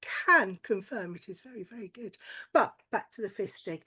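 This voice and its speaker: A woman's voice: mid-range voice, animated, normal speed, bright, forceful tone, slightly rough. Woman comic, crude and chatty, stand-up set delivery. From lives in Wales, not Welsh-born. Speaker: stand-up comedian. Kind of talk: stand-up routine.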